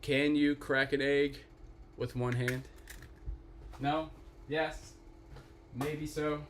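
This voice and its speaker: A man from the Pittsburgh area runs a casual live cooking stream from his home kitchen, talking directly to viewers and swearing offhandedly. His voice is fairly high with little pitch movement, and he speaks extremely slowly. There's slight background noise.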